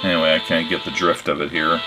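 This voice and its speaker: Over music, an older man with an extremely low-pitched voice narrates a demo on his hobby electronics channel. He sounds relaxed and plain-spoken, pausing hesitantly.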